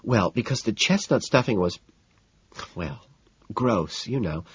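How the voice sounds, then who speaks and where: A man voicing a whiny, high-strung wealthy young woman who complains melodramatically, for an audiobook. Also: animated, a little slow, breathy edge, highs cut off, exaggerated voice. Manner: whining, exasperated, melodramatic. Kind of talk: audiobook character voice.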